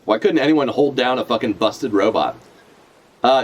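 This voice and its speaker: A man's voice: medium pitch, normal speed. A man chatting casually on a live stream as he reacts to a comic chapter, rambling, swearing freely and correcting himself as he goes. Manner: rambling, profane, self-correcting.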